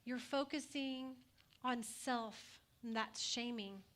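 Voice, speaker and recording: A woman's voice: fairly high pitch, steady tone, slow pace, fairly bright tone. A woman pastor preaching a sermon in a conversational way, asking the congregation questions and adding light humor.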